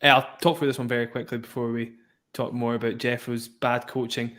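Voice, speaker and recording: A man hosting a casual live tennis commentary chat, relaxed and talkative, breaking off now and then to call the score. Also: mid-range voice, a little fast. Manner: relaxed, chatty, breaks off to give score updates. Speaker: podcast host and match commentator.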